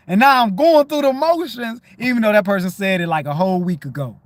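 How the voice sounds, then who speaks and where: Animated high-voiced man on a livestream. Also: fast talker, hardly any pauses, no room sound. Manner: animated, profane, keeps asking "you know what I'm saying". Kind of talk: casual spiritual monologue.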